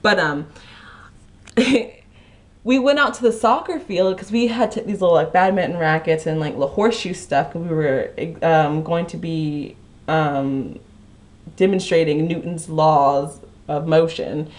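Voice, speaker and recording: Young adult woman, Kentucky accent, slightly low voice; casual rambling vlog storytelling. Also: measured pace. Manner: rambling, many restarts, lots of "like". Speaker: vlogger.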